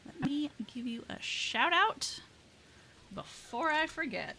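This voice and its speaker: Bright-voiced bubbly woman streamer. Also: sits high, sing-song, slow, slight background noise. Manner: bubbly, chatty, swings into loud exclaims and laughs. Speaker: VTuber streamer. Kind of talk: casual live-stream chat.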